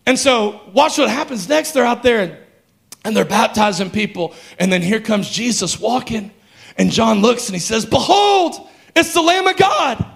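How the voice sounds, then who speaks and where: Pastor guy preaching hard, real high voice, lots of gravel, shouts at the crowd. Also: moderate pace. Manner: passionate preaching that builds to shouts, calling out to the congregation. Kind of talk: sermon.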